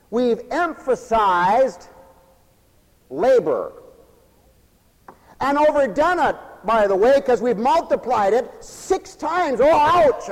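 A man delivers a folksy radio sermon, mixing quips with exhortation. His voice sits very high and swoops widely in pitch, and a long reverb trails behind his words. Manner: folksy, animated preaching with quips. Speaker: preacher.

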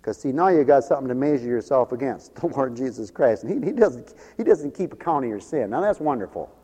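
A man's voice: mid-range voice, animated, fairly quick, mellow, husky, big-room sound. A man preaching a folksy sermon, laughing often between his points.

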